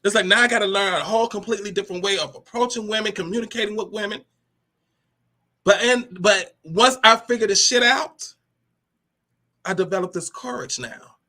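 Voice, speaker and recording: A woman hosting a motivational talk with a brassy, animated delivery, cursing freely and calling listeners honey and baby. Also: mid-range voice, fairly quick. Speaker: host of a motivational talk show.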